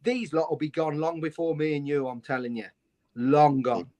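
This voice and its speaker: A man's voice: on the high side, moderate pace, a little mellow. A man on a fan phone-in show, speaking in an impassioned, ranting way in heated debate. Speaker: fan panelist.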